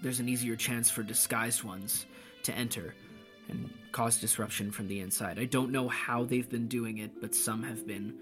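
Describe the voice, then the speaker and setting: A man voicing a stern, pragmatic city guard captain in a tabletop game, speaking in a measured, formal way. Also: medium pitch, steady tone, a bit bright, faint music behind, lightly acted. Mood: grave.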